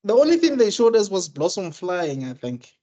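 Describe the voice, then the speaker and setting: A man's voice: high-pitched, very animated, moderate pace, mellow. A man co-hosting a casual podcast chat, slangy and laughing as he shares trivia. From South Africa. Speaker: podcast co-host. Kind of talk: casual chat reviewing a TV show.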